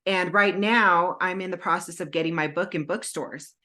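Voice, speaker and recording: A woman with a forceful, bright voice that sits a little low for a woman. She is chatting on a podcast and tells a story, acting out her own phone calls as she goes. She records at home over a video call. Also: moderate pace. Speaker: podcast co-host, indie author. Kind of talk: casual podcast chat. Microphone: home setup with green screen, video call.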